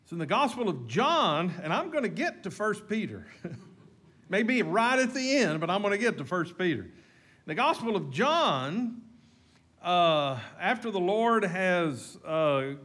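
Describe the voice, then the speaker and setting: A husky-voiced man preaches a sermon in storytelling mode. His pitch rises and falls in a lively way, and his volume swings from loud passages to hushed ones. He speaks a little higher than most men. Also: unhurried. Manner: dramatic retelling, shifting loud to hushed.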